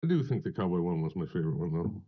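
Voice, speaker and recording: A man with a fairly low voice talks through his trades in an easygoing, wandering way. He swears offhandedly and keeps the tone loose and chatty. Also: rapid-fire, lo-fi sound. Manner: relaxed, rambling, swears freely. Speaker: trading stream host. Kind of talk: casual chat.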